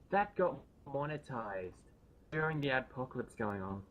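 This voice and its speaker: A man's voice: mid-range voice, moderate pace, slight background noise, rough recording. A man on a group voice chat in a casual, rambling rant, annoyed, swearing and full of fillers. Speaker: gamer ranting on a group voice chat.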